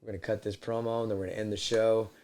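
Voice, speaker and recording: A man hosting a podcast from his home man cave, casual talk that builds into loud wrestling-style promo shouting. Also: on the low side, level tone, racing. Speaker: podcast host.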